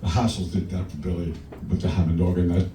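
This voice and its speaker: A man's voice: sits low, flat delivery, fast, warm tone, a little hiss or hum. A man from Long Island giving a joking, anecdotal induction speech at a podium, laughing between stories. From Long Island, New York. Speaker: inducting presenter at a hall of fame ceremony. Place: large event hall. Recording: echoey hall recorded from far off.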